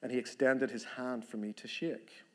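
A man voicing an elderly woman camp survivor, telling her story in a steady, solemn first person. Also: mid-range voice, normal speed, lightly acted.

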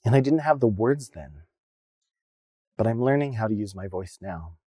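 A man's voice: fairly low pitch, expressive, moderate pace, mellow, slightly rough, dry recording, clean studio sound. A non-binary minister with a male-sounding voice, preaching a personal sermon in an earnest, reflective storytelling way.

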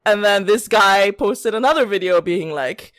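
A woman's voice: mid-range voice, lively intonation, normal speed, no echo, studio quality. A woman co-hosting a podcast, chatting casually with a giggly, rambling way of talking full of "like". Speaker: podcast co-host. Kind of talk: casual gossip chat.

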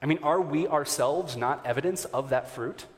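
A man preaching a sermon to his congregation as their pastor, earnest and warm, with occasional fillers and restarts. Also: fairly high pitch, moderate pace. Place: church sanctuary. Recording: reverberant church hall.

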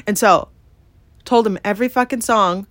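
A woman's voice: mid-range voice, normal speed, fairly bright tone, no room sound. A woman hosting a podcast, telling a personal story in a candid, emphatic way full of swearing and "like". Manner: emphatic and profane, heavy use of "like" and "yeah?". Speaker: podcast host.

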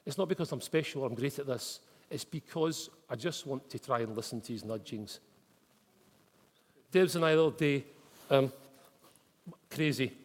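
A Scottish man with a medium-pitched voice preaches a chatty, story-driven sermon at a normal speed, pausing often and slipping in local words like "wee" and "mate." He's in a church hall before a congregation, and the recording carries the hall's long reverb.

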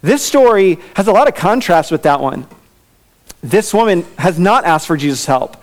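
Man, pastor, sermon, conversational with fillers, slightly high pitch. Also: animated, moderate pace. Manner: conversational preaching with fillers and asides.

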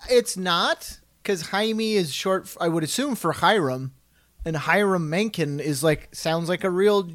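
High-voiced man cracking dry jokes. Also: a little slow, fairly bright tone. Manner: dry, wisecracking banter. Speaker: podcast co-host. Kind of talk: casual comedy podcast chat.

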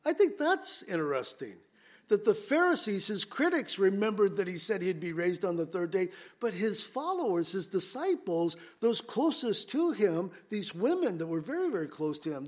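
A man preaching a conversational sermon, acting out little scenes in quick voices. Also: sits high. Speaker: pastor. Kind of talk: expository sermon.

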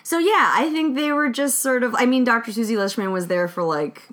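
A woman's voice: fairly high pitch, a little fast, a bit bright. A woman hosting a podcast, chatting casually and jokingly about a documentary she watched. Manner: chatty, joking, does mock voices. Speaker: podcast host. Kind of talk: casual chat reviewing a documentary.

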